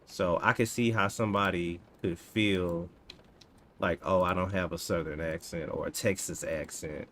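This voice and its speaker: A man in his thirties casually chatting to himself and his viewers while coding, relaxed and slangy. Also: deep voice, a little hiss or hum. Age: 30s. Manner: laid-back, talks to himself, drawn-out slangy asides. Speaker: coding streamer. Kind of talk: casual live-stream chat while coding.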